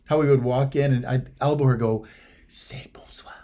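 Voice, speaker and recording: A man's voice: mid-range voice, steady tone, brisk, warm tone. A man co-hosting a podcast, telling a travel story in casual chat and checking often that his co-host agrees. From United States.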